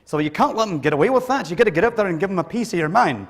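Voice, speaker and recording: A man with a fairly high voice gives a conference talk in a big hall, and his words ring with long reverb. He talks in a joking, conversational way and pokes fun at himself. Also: animated, rapid-fire, a little hiss or hum. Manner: joking, conversational, self-deprecating. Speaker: conference speaker. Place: large hall with audience.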